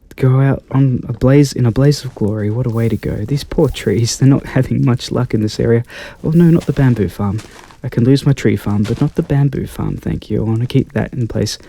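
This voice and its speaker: A man in his thirties with an Australian accent, giving gentle, polite ASMR gameplay commentary on a close mic. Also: medium pitch. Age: 30s. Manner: gentle, polite and mild, easily delighted. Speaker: gaming channel host.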